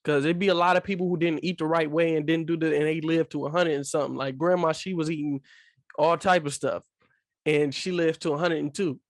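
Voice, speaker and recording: Earnest man, fairly high voice, dry sound. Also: fairly even intonation, brisk, dry recording. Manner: earnest, repeats key phrases for emphasis. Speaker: podcast co-host. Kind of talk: casual chat.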